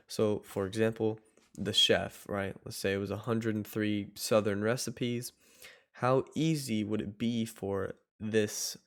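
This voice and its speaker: A man coaching viewers step by step in a loose, rambling way, often restarting his sentences. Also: on the low side. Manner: rambling, self-correcting, loose and chatty. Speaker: online course coach. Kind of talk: casual tutorial talk.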